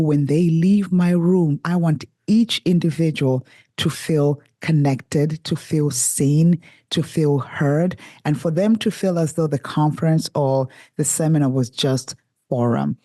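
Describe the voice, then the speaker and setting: Warm-toned woman host, gushing and enthusiastic, close dry mic. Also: deep voice, measured pace, dry recording. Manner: enthusiastic, effusive praise. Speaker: podcast host. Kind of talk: podcast interview.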